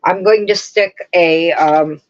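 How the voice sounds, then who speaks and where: A woman hosts a relaxed crafting livestream, drifting from one thought to the next and stopping to answer viewers' comments. She talks slowly and unhurriedly. The audio is dull and lo-fi. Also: on the low side. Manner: rambling, chatty, answers chat comments. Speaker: host of a live crafting stream. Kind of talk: casual chat with live viewers.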